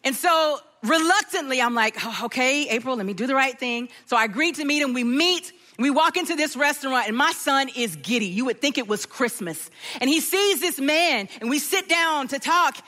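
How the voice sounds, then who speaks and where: Woman pastor, middle-aged, bright and high-pitched, animated storyteller in a sermon. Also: moderate pace, few pauses, big-room sound. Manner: animated storytelling, acts out the voices of others.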